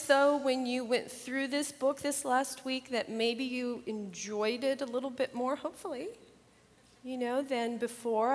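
An older woman with a fairly high voice tells homely stories about her grandchildren, then moves into a Bible lesson. She talks in a chatty, animated way and acts out the children's lines. Her voice carries a long reverb, as in a hall. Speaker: Bible study teacher. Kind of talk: casual storytelling and Bible lesson.

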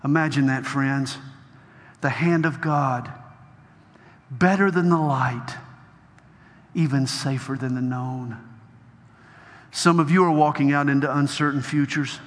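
Slow-preaching man in a reverberant hall. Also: on the high side. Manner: emphatic, rising to loud exhortation. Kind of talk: sermon and closing prayer. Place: large hall with a crowd.

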